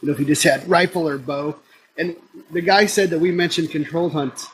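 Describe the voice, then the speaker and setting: An easygoing man hosting a casual podcast and passing along questions from listeners. His voice is slightly high, with faint noise behind it. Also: fairly even intonation, a little fast, poor audio. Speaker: podcast host.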